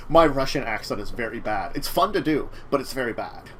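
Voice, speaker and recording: With some light noise in the background, a male host rambles through a casual chat about tabletop games, restarting often and leaning on fillers. His voice is mid-range and expressive, moving at a moderate pace.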